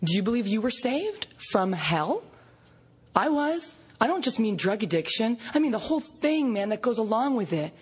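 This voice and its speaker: A woman from Canada giving an animated recovery meeting share, storytelling with laughs and acted-out quotes. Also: on the high side, breathy edge. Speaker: recovery fellowship speaker.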